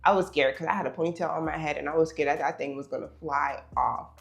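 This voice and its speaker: A young woman vlogger telling a dating story, animated, laughing and full of fillers. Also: low voice, fast talker, vocal fry. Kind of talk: storytelling while getting ready.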